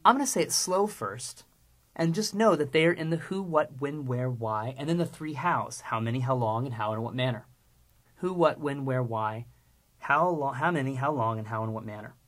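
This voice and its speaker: A Latin teacher giving a recorded lesson, drilling words with slow, patient repetition. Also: medium pitch.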